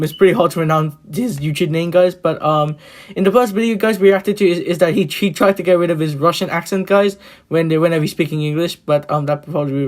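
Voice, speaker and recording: A hoarse man hosting a reaction video, rambling casually with many fillers and restarts. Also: high voice.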